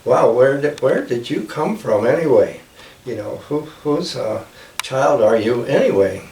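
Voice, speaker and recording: A man's voice: mid-range voice, expressive, unhurried, darkish tone, slight background noise. A man voicing an easygoing old owl hunter in a storytelling recording with a roomy sound from a distance.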